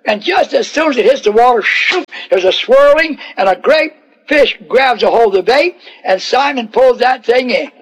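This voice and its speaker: Folksy preacher guy, real high voice, storytelling sermon. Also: normal speed, breathy edge, low-quality recording. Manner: folksy, animated, acts out the characters.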